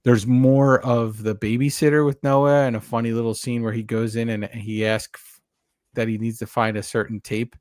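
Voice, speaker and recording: This podcast co-host talks casually and at length about a horror movie, giving animated, rambling recaps of scenes and often restarting or correcting his sentences. His voice sits at medium pitch and moves at a normal speed, recorded clean in a studio with no echo.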